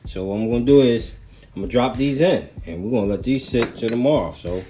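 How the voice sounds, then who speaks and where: A man's voice: medium pitch, quick pace, dark tone, soft background music. A man casually talking viewers through his RC car parts in a home kitchen, loose and slangy. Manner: loose, slangy, chatty, addresses viewers as people. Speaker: RC hobby vlogger. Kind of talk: casual how-to vlog.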